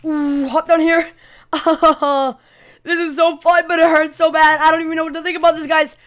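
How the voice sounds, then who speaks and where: A woman doing excitable, chatty gameplay commentary with playful trash talk. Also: very high-pitched, normal speed. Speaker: gaming channel host.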